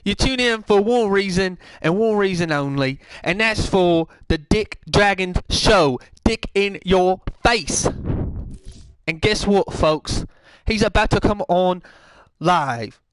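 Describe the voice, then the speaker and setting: A man's voice: high-pitched, expressive, takes it slowly, clean tone. A man doing a goofy impression of a rambling British celebrity footballer in a put-on accent that drifts from Cockney to Liverpool. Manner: rambling, goofy, self-correcting. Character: mock celebrity footballer hosting a pre-show, rambling and silly. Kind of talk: comedic impression monologue.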